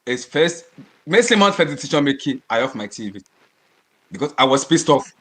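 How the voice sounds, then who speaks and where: Passionate male podcast co-host, higher voice, emphatic repetition. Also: sing-song, normal speed. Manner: passionate, emphatic, repeats words, shouts in bursts. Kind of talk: heated casual football chat.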